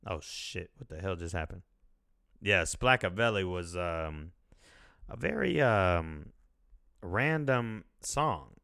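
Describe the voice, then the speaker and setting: A man's voice: deep voice, expressive, slow pace, gravelly, a bit bright, no echo, clean studio sound. A man in his thirties hosting a casual podcast, rambling, swearing freely and laughing as he goes. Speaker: podcast host. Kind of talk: casual chat.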